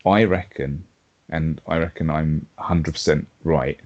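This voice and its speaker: A man's voice: extremely low pitch, fairly even intonation, unhurried, darkish tone, lo-fi sound. A man co-hosting a fan podcast, recapping episodes in a rambling, casual way full of fillers. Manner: rambling, filler-heavy storytelling. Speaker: podcast co-host.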